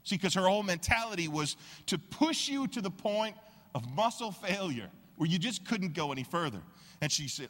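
A man preaching a sermon as pastor, telling stories with animated, acted-out quotes. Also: fairly high pitch, normal speed, in a large hall. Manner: animated storytelling, acts out quoted voices.

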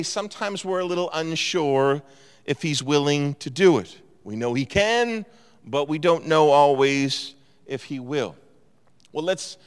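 A man's voice: fairly high pitch, fairly bright tone, clean tone. A man preaching a sermon as pastor, earnest and conversational, with emphatic rises. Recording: long hall reverb.

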